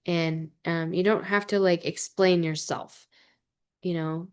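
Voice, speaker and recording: A young adult woman talking gently and earnestly to camera about grief, with many fillers and restarts. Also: on the low side, steady tone, takes it slowly, clear, resonant tone. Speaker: vlogger. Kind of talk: heartfelt personal talk to camera.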